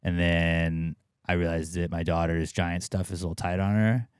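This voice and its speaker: A man in his thirties co-hosting a podcast, his lowish voice smooth and resonant. He rants and swears in a casual, sarcastic way. The sound is dry and close, with no room around it. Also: little pitch movement, moderate pace, no room sound. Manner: profane, ranting, sarcastic. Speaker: podcast co-host. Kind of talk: casual chat.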